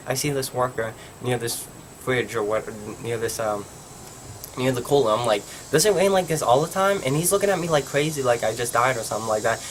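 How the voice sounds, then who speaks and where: A man's voice: medium pitch, a bit bright, slight background noise. A young man from Pennsylvania telling a rambling story for his vlog, filling it with "like". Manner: rambling, heavy use of "like". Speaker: vlogger.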